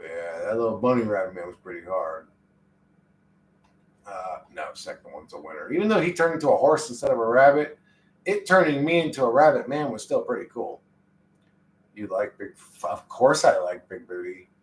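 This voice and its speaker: A man's voice: lowish voice, animated, normal speed. A young man chatting casually on a livestream, rambling and swearing in a laid-back way. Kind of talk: casual stream chat. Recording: echoey room, distant mic.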